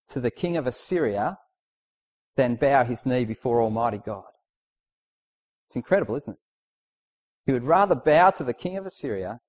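A man's voice: mid-range voice, darkish tone. A man preaching a sermon in a conversational, emphatic way, posing rhetorical questions and reading out scripture.

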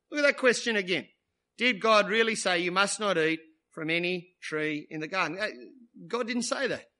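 A man delivering a sermon with a high, bright voice. He talks conversationally, tossing tag questions back to the congregation. His delivery moves from hushed, drawn-out emphasis to quick, animated stretches. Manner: shifts between quiet, slow emphasis and lively bursts. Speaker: preacher.

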